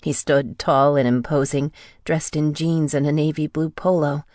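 Low-voiced woman narrating a tense thriller. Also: little pitch movement, normal speed, a little mellow, no echo, clean studio sound. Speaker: audiobook narrator. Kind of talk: first-person thriller audiobook narration.

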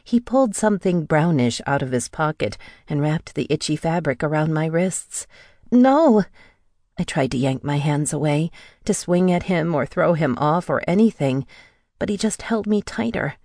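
Female audiobook narrator, low pitch, dry close read, tense first-person thriller. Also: animated, moderate pace, a little mellow, dry recording.

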